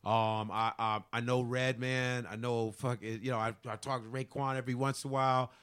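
A man's voice: medium pitch, a little fast, smooth. A man, a comedian guest on a podcast, chatting casually, cursing freely and acting out quotes in funny voices. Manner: animated storyteller, acts out quotes in funny voices; swears freely, trails off searching for names.

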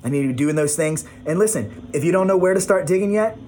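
A man giving a casual, encouraging motivational talk to camera from home, repeating phrases and speaking warmly to his viewers. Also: on the high side, animated, quick pace, soft background music. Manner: encouraging, repetitive, affectionate. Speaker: motivational vlogger.

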